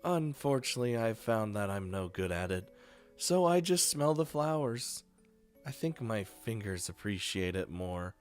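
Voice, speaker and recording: A man voicing a gentle young woman, speaking quietly and softly. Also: lowish voice, expressive, measured pace, clean tone, faint music behind.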